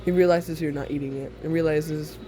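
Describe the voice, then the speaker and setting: A man's voice: on the high side, fairly even intonation, fairly quick, warm tone, a little hiss or hum. A young man casually telling a second-person listener story, rambling and giggly, with many fillers.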